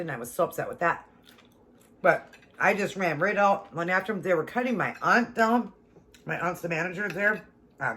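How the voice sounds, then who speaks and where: A woman vlogger telling a personal story to her viewers in a casual, animated and emphatic way. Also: fairly low pitch, slight background noise.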